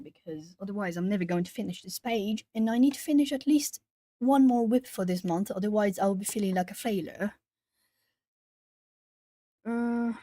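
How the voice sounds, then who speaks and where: A woman's voice: mid-range voice, warm tone, no echo. A Brazilian woman from the south of Brazil, chatting casually with viewers and thinking aloud while she colors on an art stream.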